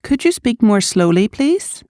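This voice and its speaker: A woman reading short English practice sentences, carefully and clearly, with a lift on polite requests. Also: mid-range voice, expressive, normal speed, a little mellow, no echo, clean studio sound.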